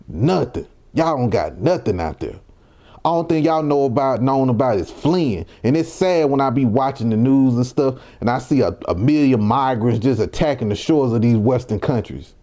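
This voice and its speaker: A man's voice: medium pitch, animated, moderate pace, dark tone. A young man from Mississippi, giving heated, provocative reaction commentary full of rhetorical questions. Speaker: commentary vlogger.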